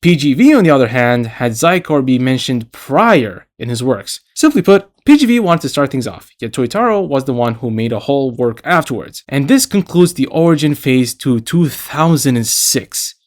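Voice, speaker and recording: Animated man narrating a video essay. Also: mid-range voice, normal speed, few pauses. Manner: animated, casual asides.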